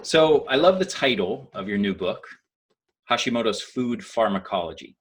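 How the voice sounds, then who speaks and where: A man's voice: on the low side, lively intonation, normal speed, breathy edge. A man hosting a podcast interview, asking questions with enthusiasm and admiration, often restarting his sentences. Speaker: podcast host.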